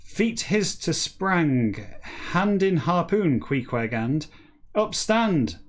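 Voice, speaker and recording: A man hosting a comic show, reading a text backwards in a deadpan voice and breaking off for dry, self-mocking asides. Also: on the high side, slow. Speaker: host reading a novel backwards.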